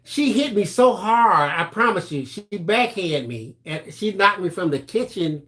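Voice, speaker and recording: A man's voice: high-pitched, measured pace. A middle-aged man co-hosting a live crafting stream, telling a story in casual chat and acting out the voices of the people in it. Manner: animated storyteller, acts out voices, laughs through lines.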